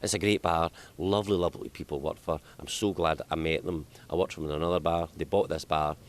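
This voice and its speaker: Deep-voiced Scottish man, chatty and laughing. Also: fairly even intonation, quick pace. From Scotland. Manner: chatty, laughs often, self-deprecating. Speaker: comedian guest. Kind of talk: casual interview chat. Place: outdoors in hot sunshine.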